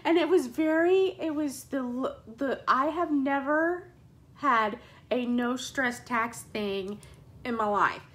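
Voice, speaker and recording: A woman hosting a casual chat show speaks slowly but animatedly, turning dramatic as she acts out scenes in high squeals.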